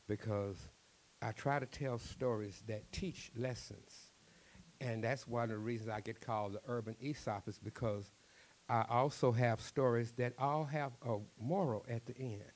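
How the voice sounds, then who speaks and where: A man with a Cajun accent, a storyteller talking in an interview, animated and quick, often repeating words. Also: medium pitch, slight background noise.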